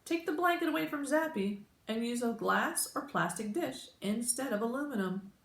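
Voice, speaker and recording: A woman's voice: on the high side, expressive, moderate pace, gravelly, pitched above the performer's own voice. A woman voicing a self-assured, formal boy detective in a storybook read-aloud. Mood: confident. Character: confident, proper boy detective. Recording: roomy echo.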